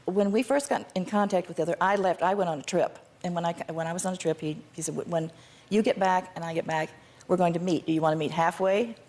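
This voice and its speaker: A woman's voice: on the low side, steady tone, quick pace, darkish tone. An older woman, a guest on a talk show, who answers in a curt, defensive and insistent way. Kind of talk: studio interview.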